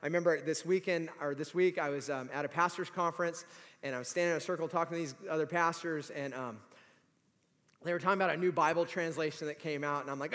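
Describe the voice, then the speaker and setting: A man in his forties preaches with a high, lively voice that rises toward shouts when he acts out the people in his stories. The sound carries a long reverb, as if from a large church sanctuary. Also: fast talker. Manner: animated storytelling, acts out quoted voices. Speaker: pastor. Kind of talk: sermon.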